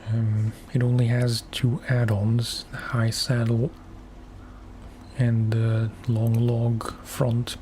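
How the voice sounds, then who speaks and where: A man streaming a game for relaxation, talking softly in unhurried, musing asides. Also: medium pitch, completely flat delivery, slight background noise. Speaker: gaming ASMR streamer. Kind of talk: soft-spoken gameplay commentary.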